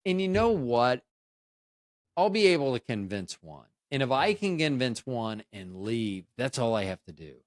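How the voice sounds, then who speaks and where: A podcast host in his fifties from Tampa Bay, Florida, USA, runs a rambling, jokey solo chat, often interrupting himself. His medium-pitched voice swings widely in pitch at a moderate pace, in a dry, studio-quality recording.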